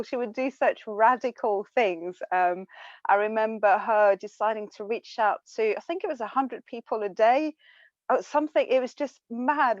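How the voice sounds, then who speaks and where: A woman's voice: mid-range voice, dry recording. Hesitant woman on a muffled video call. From France. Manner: hesitant, many fillers and restarts. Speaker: church member sharing a memory. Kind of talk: casual heartfelt sharing on a video call. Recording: dull lo-fi video call audio.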